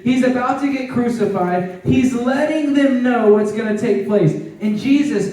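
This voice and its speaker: A man preaching a lively youth sermon, animated and conversational, with tag questions and laughing asides. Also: high-pitched. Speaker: youth pastor. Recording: echoey hall, distant mic.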